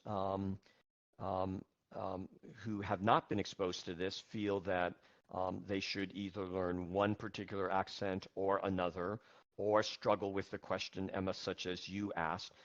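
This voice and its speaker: A man teaching an English class online, speaking in a patient, measured way with frequent fillers. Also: low voice, dull audio.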